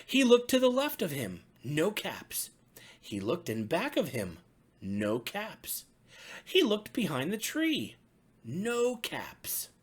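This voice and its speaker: A pastor reads a children's bedtime story at an unhurried pace. His breathy voice swoops widely up and down as he tells it in a sing-song manner. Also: sits high, wildly swooping pitch.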